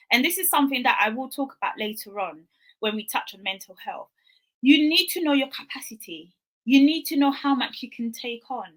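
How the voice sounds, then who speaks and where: A young adult woman with a bright, forceful voice pitched a little high, speaking earnestly about wellness. She talks conversationally and acts out quoted dialogue. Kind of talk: motivational talk.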